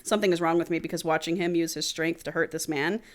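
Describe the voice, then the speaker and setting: A woman co-hosting a casual podcast, retelling and reading a book aloud with lively swearing. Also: deep voice, quick pace. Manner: animated retelling, swearing freely. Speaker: podcast co-host.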